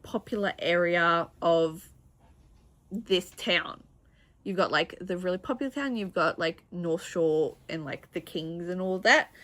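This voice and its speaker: Bright-voiced chatty young woman. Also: mid-range voice. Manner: chatty and rambling, with frequent restarts and laughs. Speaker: booktuber. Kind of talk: casual book review chat.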